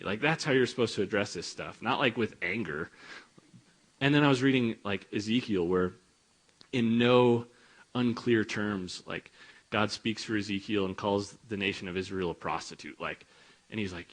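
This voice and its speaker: Young guy preaching in church, lowish voice, super casual, lots of "like". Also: normal speed. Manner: informal, many filler words, animated retelling. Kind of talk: casual conversational sermon.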